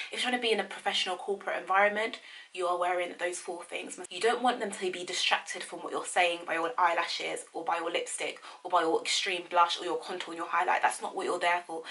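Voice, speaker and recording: Frank, animated young woman. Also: lowish voice, rough recording. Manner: animated, acts out quoted interview lines; blunt and frank, swears casually. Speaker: vlogger giving career advice. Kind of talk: casual advice vlog.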